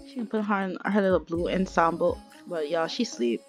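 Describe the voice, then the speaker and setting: A chatty woman telling a life-sim story as she plays, talking right to her viewers in a relaxed, casual way. Soft music plays faintly behind her. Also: on the low side, normal speed, few pauses. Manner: chatty, addresses viewers as y'all. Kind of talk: casual game story narration.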